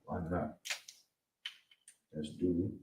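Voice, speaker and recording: A man teaching a language class, breaking words into syllables and repeating each one slowly. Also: deep voice, fairly even intonation. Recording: distant mic with clear background noise.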